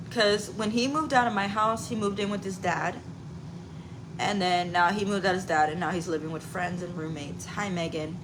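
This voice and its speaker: A woman in her forties chatting on a live stream as a mother, candid and casual, swearing lightly and laughing often. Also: mid-range voice. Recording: noticeable background noise.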